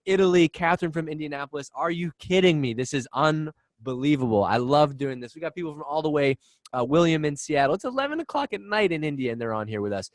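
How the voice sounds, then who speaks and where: A man hosting a live webinar over a video call, talking fast and excitedly with lots of restarts. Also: fairly high pitch, dry recording. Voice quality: excitable, rapid, restarts often. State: out of breath. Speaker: webinar host. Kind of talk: energetic live webinar chat. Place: office in Boston.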